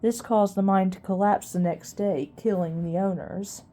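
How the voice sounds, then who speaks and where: Woman doing an ancient squeaky mouse archivist. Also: steady tone, normal speed, warm tone, lightly acted. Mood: recounting. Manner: squeaky, barely above a whisper, muttering. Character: ancient wise old male mouse archivist.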